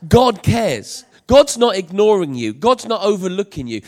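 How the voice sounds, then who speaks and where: Sharing a personal story from the pulpit, this pastor speaks in a high, very animated voice at a measured pace. He repeats points emphatically and climbs toward passionate appeals to his congregation.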